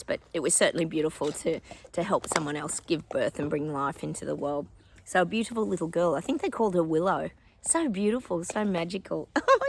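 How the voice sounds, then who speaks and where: A middle-aged Australian woman chatting casually to her viewers, rambling and laughing often as a psychic vlogger. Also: lowish voice.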